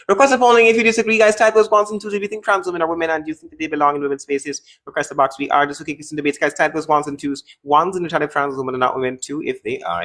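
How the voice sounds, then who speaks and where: Fast-talking mocking male debate host. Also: fairly high pitch, a bit bright. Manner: mocking, interrupting, taunting callers. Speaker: host of a live debate stream. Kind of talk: combative live-stream debate.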